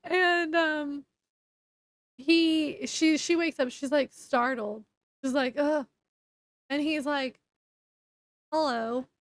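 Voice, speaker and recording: A woman's voice: high voice, steady tone, slow, no echo. A woman casually retelling a novel's plot in a rambling, chatty way, full of fillers and restarts. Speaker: book reviewer. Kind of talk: casual book review recap.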